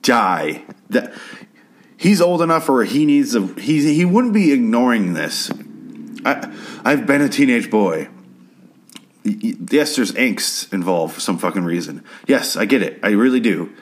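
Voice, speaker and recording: A man's voice: mid-range voice, lively intonation, measured pace. A man recapping and reviewing a TV episode in a casual, profane, sarcastic and rambling way.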